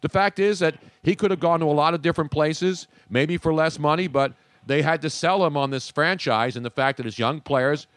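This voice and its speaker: A man's voice: on the high side, brisk, fairly bright tone, clear, resonant tone, no echo. A man hosting a sports radio show, chatting and joking with his co-hosts and callers. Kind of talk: casual sports talk.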